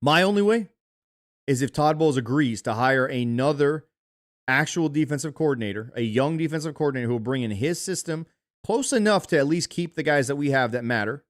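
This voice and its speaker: A man's voice: mid-range voice, expressive, a little fast, no room sound, clean studio sound. A man co-hosting a sports podcast, ranting profanely and heatedly while reading viewer messages. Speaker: podcast co-host. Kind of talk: casual sports chat, reading super chats.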